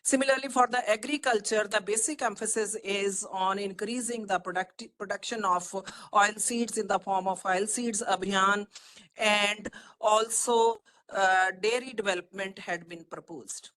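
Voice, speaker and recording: A woman with an Indian English accent giving a formal webinar presentation over a video call, listing points in a measured way with frequent fillers. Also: medium pitch, fairly even intonation, fairly bright tone, poor audio. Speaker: webinar speaker, economist.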